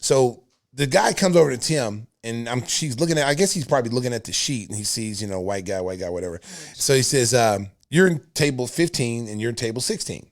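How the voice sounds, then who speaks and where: A man's voice: medium pitch, animated, brisk. A man in his fifties hosting a podcast, telling a story in casual chat, laughing often and acting out what people said. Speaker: podcast host.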